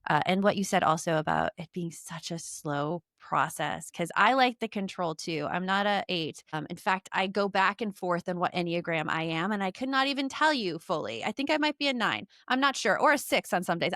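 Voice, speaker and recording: A woman's voice: medium pitch, fairly bright tone, dry recording, studio quality. A woman hosting a podcast interview, asking chatty questions full of fillers. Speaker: podcast host.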